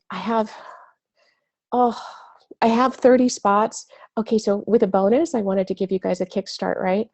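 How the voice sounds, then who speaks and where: A woman with a cold hosts a spiritual webinar in loose, chatty talk. Her voice is gravelly and mellow, and she gushes through plenty of fillers and the odd swear word. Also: mid-range voice. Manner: gushing, chatty, swears casually, many fillers. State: has a cold. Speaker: spiritual coach hosting a webinar. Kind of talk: casual live webinar talk.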